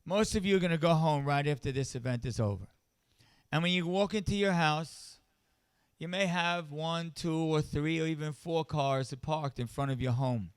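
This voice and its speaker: A man's voice: fairly high pitch, moderate pace, clear, resonant tone, no echo. A middle-aged man, a rabbi, giving a sermon-style speech at a charity event, telling stories and building to impassioned emphasis. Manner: storytelling, rising to impassioned emphasis.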